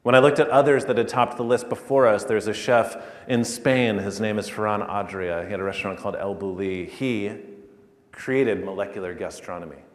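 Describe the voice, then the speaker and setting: A man giving a conference keynote, telling a story in an animated way that builds to loud peaks. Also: on the low side, brisk. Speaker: keynote speaker. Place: large conference hall. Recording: echoey hall, speaker a little far.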